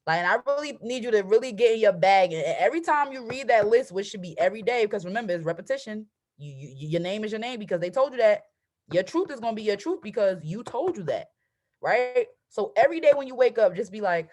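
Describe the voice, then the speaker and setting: A woman giving a motivational talk as a coach. She speaks conversationally and with energy, asks her listeners "right?" again and again, and acts out excited affirmations. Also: mid-range voice, quick pace. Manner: conversational, keeps asking "right?". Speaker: trading and mindset coach.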